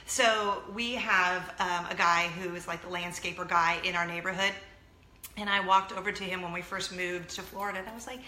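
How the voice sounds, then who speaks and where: A woman's voice: on the low side, fairly even intonation, normal speed, sharp tone, echoey room. A woman in her thirties hosting a chatty vlog, gushing and talking straight to her viewers. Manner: bubbly, gushing, talks to viewers directly. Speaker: vlog host.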